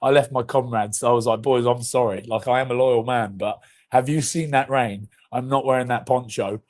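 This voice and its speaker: A man's voice: mid-range voice, fairly even intonation, fairly quick. A man in his thirties, a podcast co-host, telling rambling comic stories in casual chat and swearing freely.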